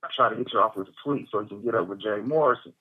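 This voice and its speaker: A man's voice: lowish voice, racing, narrow, tinny audio. A man from Kansas City calling into a show, talking in a laid-back, hesitant way full of fillers. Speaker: caller. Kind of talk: casual phone-in chat.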